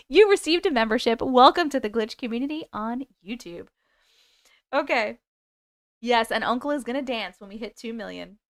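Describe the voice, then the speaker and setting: A woman's voice: fairly high pitch, expressive, normal speed, pauses often, no room sound, clean studio sound. A woman in her forties hosting a livestream, chatting with viewers and reading their stories aloud in a bubbly, casual way. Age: 40s.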